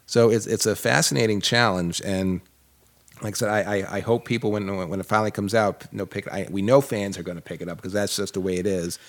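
Boston man, lowish voice, earnest long-winded talker. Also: fairly even intonation, a little fast. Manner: earnest, repetitive restarts, long explanations. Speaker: co-host and book co-writer. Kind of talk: casual chat.

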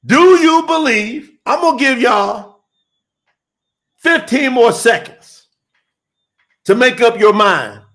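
A man delivering an emphatic sermon, his voice riding high and swinging widely in pitch. He takes his time, drawing out phrases and addressing listeners directly as he builds his case. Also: a bit bright. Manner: emphatic, call-and-response preaching to online listeners. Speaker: preacher. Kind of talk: live-streamed sermon.

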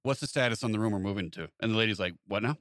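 A man speaking in a quick, rushing way, recorded close up in a dead, dry room. He spins an animated anecdote and slips into the voices of the people he quotes. The tone stays casual and chatty. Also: on the low side, dry recording. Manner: animated anecdote-telling, acts out quoted exchanges. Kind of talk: casual chat.

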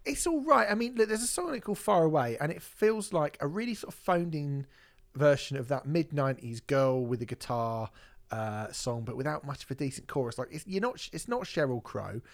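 A man's voice: a little high, lively intonation, a little fast, vocal fry. A man co-hosting a music podcast, chatting casually and animatedly, with jokey asides while reviewing an album. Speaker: podcast co-host.

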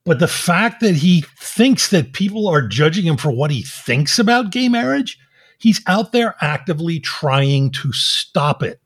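A man's voice: on the high side, big pitch swings, unhurried, fairly bright tone, slightly rough. A man co-hosting a podcast, ranting in a profane, exasperated way. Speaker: podcast co-host. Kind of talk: casual chat.

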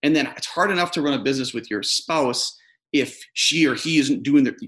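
A man's voice: mid-range voice, a little fast, fairly bright tone. A man talking as a podcast guest in casual interview chat, earnest and rambling, often restarting his sentences.

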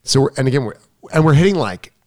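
A man talking as a tennis coach in a casual podcast chat, telling an animated story and acting out what was said. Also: medium pitch, quick pace, no room sound, clean studio sound. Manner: animated storytelling, acts out quotes.

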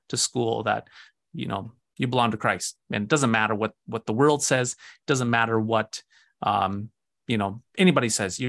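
A man, a pastor, explaining faith in a conversational way, acting out a story with lively restarts and repeated words. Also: fairly low pitch, creaky, dry recording, studio quality. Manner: animated storytelling with many restarts.

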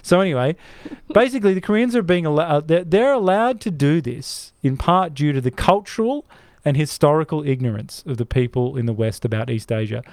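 A man's voice: on the high side, lively intonation, fairly quick, darkish tone, dry recording, studio quality. A man co-hosting a podcast, ranting in an opinionated casual chat with many restarts and asides. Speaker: podcast co-host.

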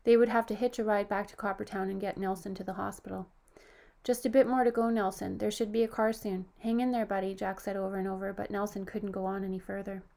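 A woman narrates a horror story in a steady, scripted reading. Her voice sits at a middle pitch and stays flat, with little rise and fall. She lifts it only a little when she quotes a character. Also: quick pace, vocal fry, few pauses. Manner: even, steady storytelling with lifted quoted lines.

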